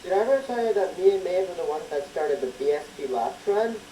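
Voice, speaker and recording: A performer voicing an excited talking siren character in a fan animation, in a high, chirpy, eager voice. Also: fast talker, natural voice. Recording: distant, noisy playback from a video.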